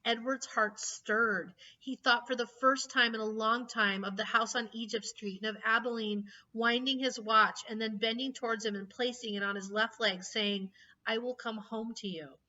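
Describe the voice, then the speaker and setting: A woman reads a children's storybook aloud with a bright, fairly high voice and plenty of feeling. She sits a little back from the mic, and the recording sounds dull and lo-fi. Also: normal speed, hardly any pauses. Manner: expressive, emotional storytelling. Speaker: reader. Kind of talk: reading a children's book aloud. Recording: slightly distant, dull lo-fi mic.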